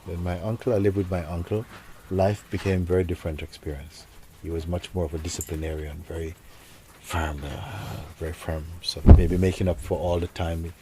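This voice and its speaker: A man, a spiritual teacher, telling a story to listeners in a reflective, soft-spoken way that often sinks almost to a whisper. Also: sits low, level tone, moderate pace, noisy background.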